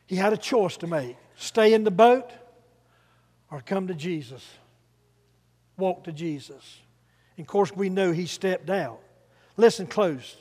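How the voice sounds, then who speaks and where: A male preacher with a high voice, delivering a sermon in an emphatic, call-and-repeat style. His voice rings out with a long reverb, the sound of a church hall. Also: animated, a little slow, pauses often, a little mellow, slightly rough. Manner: emphatic, has congregation repeat phrases.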